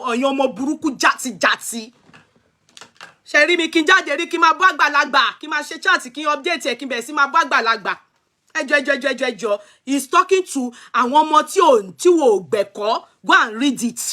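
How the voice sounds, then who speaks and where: A woman's voice: high-pitched, pushed and bright. A young Nigerian woman with a Yoruba-speaking accent, hosting a gossip livestream and scolding her viewers, switching between Yoruba and English. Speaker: gossip show host.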